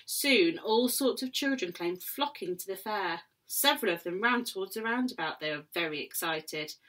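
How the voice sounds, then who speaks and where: Female teacher reading aloud to children, expressive with hushed asides. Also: mid-range voice, moderate pace.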